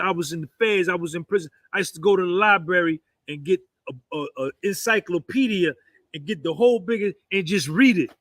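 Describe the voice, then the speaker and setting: Boastful high-voiced man in his fifties. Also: a bit bright, dry recording. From New Jersey, US. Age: 50s. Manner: rambling, repeats "you understand".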